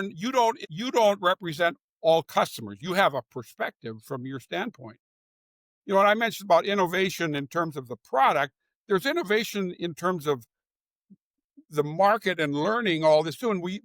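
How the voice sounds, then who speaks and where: An older man with a fairly high voice tells stories in a casual interview, often backing up to restart a sentence. The sound is dry and close, with no room echo. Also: a bit bright. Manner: storytelling with frequent restarts. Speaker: guest, former executive. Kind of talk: conversational interview.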